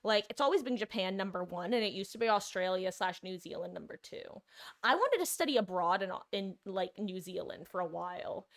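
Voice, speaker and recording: Young streamer girl from jersey rambling to chat, mid pitch, greets viewers mid story. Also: expressive, a little fast, a bit bright. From New Jersey, US. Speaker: live streamer. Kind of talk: casual live-stream chat while gaming.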